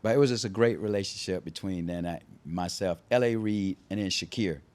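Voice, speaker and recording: A middle-aged man, an R&B singer, telling stories casually in an interview and often imitating people's voices. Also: fairly quick. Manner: animated storyteller who imitates people in high voices. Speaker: R&B singer guest.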